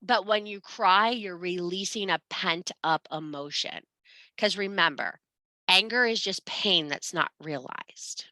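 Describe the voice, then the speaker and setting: Bright-voiced woman scolding a class. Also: lowish voice, measured pace, no echo. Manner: profane, scolding, emphatic. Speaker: spiritual teacher. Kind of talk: blunt motivational class talk.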